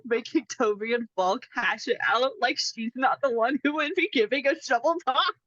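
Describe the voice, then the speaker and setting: A woman's voice: on the high side, normal speed, fairly bright tone, no room sound. A playful woman player in a tabletop game who laughs often. Her voice is dull, dry and slightly lo-fi. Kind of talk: casual play and chat.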